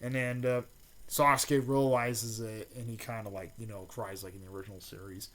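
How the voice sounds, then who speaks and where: A man casually recapping a fan-made story, rambling with lots of fillers and restarts, and with excited bursts on the action beats. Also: fairly low pitch, normal speed.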